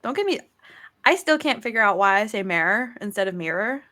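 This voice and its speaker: A woman's voice: on the high side, animated, fast talker, pushed and bright. A woman co-hosting a podcast, talking casually and hesitantly with plenty of fillers. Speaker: podcast co-host. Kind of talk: casual chat.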